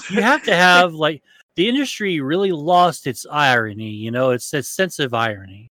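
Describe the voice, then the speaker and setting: A man's voice: fairly high pitch, lively intonation, normal speed, pushed and bright, dry recording. A man co-hosting a podcast in casual chat, rambling and swearing with many fillers and restarts. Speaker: podcast co-host.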